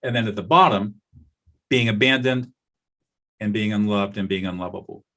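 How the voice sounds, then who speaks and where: An older man, a conflict mediator, talking in a podcast interview and telling stories with lively acted-out quotes. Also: lowish voice, moderate pace. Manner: animated storyteller, acts out quoted voices.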